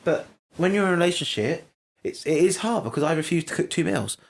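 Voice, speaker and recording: A young man with a slightly high, gravelly voice talks fast and expressively while co-hosting a podcast. Reviewing a TV episode, he's blunt and swears freely.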